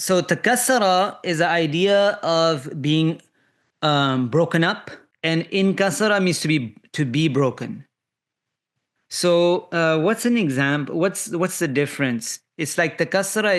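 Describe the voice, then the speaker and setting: A man's voice: fairly high pitch, lively intonation, unhurried, fairly bright tone. Man teaching a live grammar class. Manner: patient, explains with examples, many fillers and restarts. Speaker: Arabic teacher.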